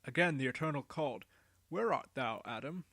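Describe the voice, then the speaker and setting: A man voicing a weary, gentle, very old patriarch in a read-aloud story, speaking softly and solemnly. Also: medium pitch, animated, no room sound. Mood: storytelling. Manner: slow, soft, solemn storytelling. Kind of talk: storybook character voice.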